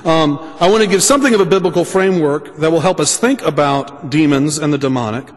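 A man preaching a sermon, speaking deliberately and restating his points for emphasis. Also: on the high side, long reverb tail.

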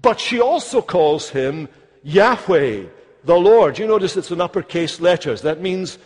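A man preaching a sermon, slow and emphatic, stressing key phrases. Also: high voice, animated, a little mellow, husky. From Scotland. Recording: long hall reverb.

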